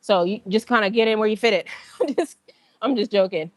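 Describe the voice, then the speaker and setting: On a livestream from the gym, a woman host chats casually, telling slangy stories with laughs and acting out other people's lines. Her mid-range voice runs a little fast, with no room sound.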